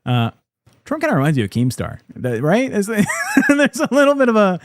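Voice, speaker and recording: A man's voice: high-pitched, huge pitch swings, normal speed, no echo, clean studio sound. A man co-hosting a casual podcast, blunt, sarcastic and profane. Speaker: podcast co-host. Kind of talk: casual political chat.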